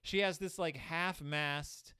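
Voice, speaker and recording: A man's voice: a little high, slow, clean tone, no room sound, clean studio sound. A young man giving sarcastic, comedic commentary on a children's book, jumping into voices. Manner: sarcastic, animated, puts on voices. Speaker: host reviewing a children's book.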